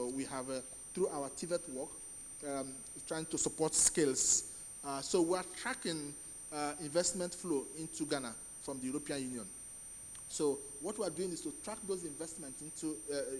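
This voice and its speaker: A man with a Nigerian accent giving a conference speech, halting often with fillers and restarts. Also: a little high, big-room sound, a little hiss or hum, low-quality recording. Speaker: conference speaker.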